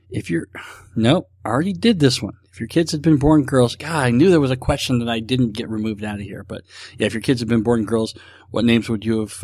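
A man's voice: mid-range voice, darkish tone, dry recording. Rambling self-deprecating male podcast host. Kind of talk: casual solo podcast chat.

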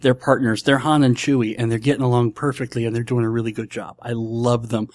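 A man's voice: medium pitch, little pitch movement, a little fast, a little mellow, no echo. A man from Nebraska hosting a casual solo podcast, enthusiastic and rambling, often repeating himself. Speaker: podcast host.

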